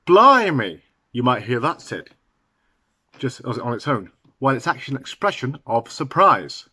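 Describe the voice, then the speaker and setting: A man teaching English idioms to learners, talking slowly and halting now and then with fillers and restarts. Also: medium pitch, animated, pushed and bright, breathy edge, no room sound.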